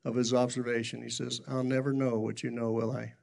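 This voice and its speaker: A man's voice: mid-range voice, little pitch movement, brisk, vocal fry, a little mellow. A middle-aged man, a pastor, telling stories in a folksy, self-deprecating way in a sermon. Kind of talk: sermon storytelling.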